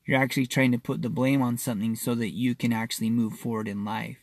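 A man who works as a wellness practitioner, talking casually and earnestly to listeners in a halting way, often doubling his words. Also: mid-range voice, level tone, no room sound. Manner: reassuring, earnest. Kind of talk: casual spoken monologue to listeners.

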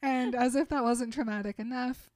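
A woman's voice: fairly high pitch, fairly even intonation, moderate pace, a little mellow, dry recording, clean studio sound. A woman co-hosting a podcast, retelling a story with animation and acting out the characters' lines. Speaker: podcast co-host. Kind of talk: casual book-club chat.

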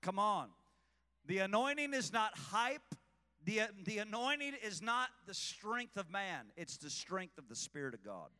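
A man preaching a sermon with passion, swinging between shouting and hushed asides. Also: high-pitched, very animated, a little slow, clear, resonant tone, long reverb tail.

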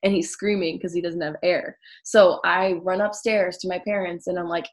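A woman's voice: lowish voice, steady tone, normal speed. A young woman in casual conversation, telling a story and acting out her own panicked words. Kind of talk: casual chat.

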